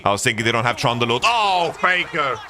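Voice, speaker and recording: Excitable man co-casting a match. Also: medium pitch, fairly quick. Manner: excitable, swings into loud exasperated rants. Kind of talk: live esports watch-along commentary.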